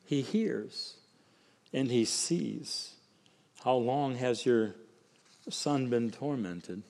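A man preaching a sermon with emphatic swings from quiet, slow lines to raised ones. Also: medium pitch, vocal fry. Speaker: pastor. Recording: long hall reverb.

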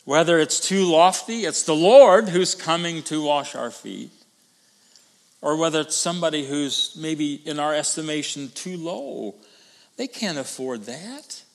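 A man preaching a sermon as pastor, emphatic, swinging between loud declarations and hushed asides. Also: on the high side, lively intonation, measured pace, big-room sound.

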